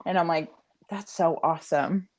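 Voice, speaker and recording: A woman's voice: sits low, moderate pace, darkish tone. A woman who works as a doula, chatting on a podcast and often murmuring in agreement. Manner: supportive listener, frequent murmured agreement. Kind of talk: casual chat.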